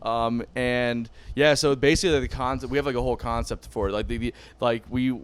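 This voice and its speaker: A man's voice: mid-range voice, steady tone, fast, clear, resonant tone. A man co-hosting a podcast in loose, profane casual chat, full of "bro" and "like". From Cuban family. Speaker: podcast co-host and band member.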